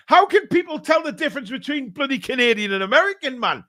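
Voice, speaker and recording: A man's voice: extremely high pitch, sing-song, fast, pushed and bright. A man hosting a fan live stream. He reads out donations in casual, joking chat full of fillers. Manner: rambling, joking, many fillers.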